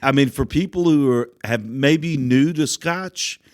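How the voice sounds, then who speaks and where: A man's voice: mid-range voice, measured pace, a little mellow, no room sound. A man hosting a podcast, asking friendly questions in a casual chat. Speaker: podcast host.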